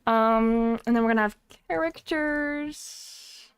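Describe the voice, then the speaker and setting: High-voiced playful woman streamer. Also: takes it slowly, smooth, no echo. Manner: playful, teasing, self-mocking. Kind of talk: casual livestream chat.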